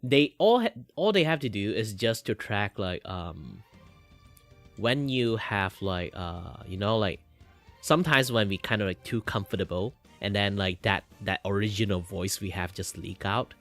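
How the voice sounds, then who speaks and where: A man's voice: expressive, normal speed, a bit bright, faint music behind. A young man from Malaysia, chatting casually while drawing on a stream and rambling with lots of filler words. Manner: rambling, many filler words, flips between a low voice and a higher one.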